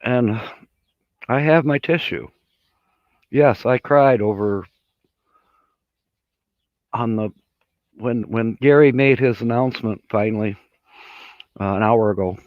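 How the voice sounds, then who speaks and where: A man's voice: medium pitch, no echo, muffled recording. A man hosting a casual livestream chat, rambling in a folksy way and laughing at his own jokes. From Michigan. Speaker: livestream host.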